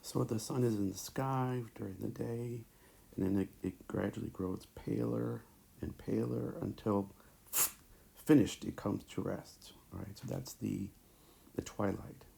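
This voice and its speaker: Guy teaching a class over slides, kinda low and mellow, lots of ums, tablet mic. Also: steady tone, creaky. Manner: halting, many fillers and restarts. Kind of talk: recorded lecture over slides.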